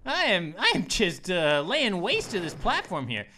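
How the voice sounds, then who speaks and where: A woman voicing an excitable, goofy cartoon grape who gives let's-play commentary as a gaming channel host. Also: fairly low pitch, a little slow, background noise. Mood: excited. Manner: excitable, exclaims and laughs, cartoonish.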